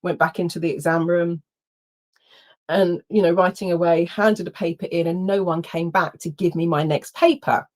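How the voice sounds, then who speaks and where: A middle-aged woman, telling a personal story in an animated way, acting out quotes and laughing often. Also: lowish voice, moderate pace. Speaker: workshop host. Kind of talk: storytelling talk.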